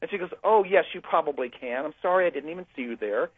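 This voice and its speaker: Speaking quickly and animatedly in a fairly high, slightly rough voice, a US man recounts a long story to a host by phone. There's no echo, and his guest storytelling is packed with fillers and restarts.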